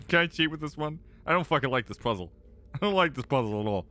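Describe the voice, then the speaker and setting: A man's voice: fairly high pitch, lively intonation, quick pace. Frustrated, swearing young male gamer. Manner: exasperated, swears a lot, repeats himself when frustrated; shifts between loud outbursts and muttering. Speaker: gaming streamer. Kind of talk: live gameplay commentary.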